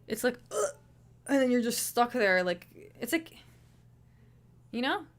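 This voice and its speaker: A woman's voice: on the high side, expressive, unhurried. Woman streamer rambling along, casual chat, swears a lot, keeps restarting sentences. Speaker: livestream host. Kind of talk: casual livestream commentary.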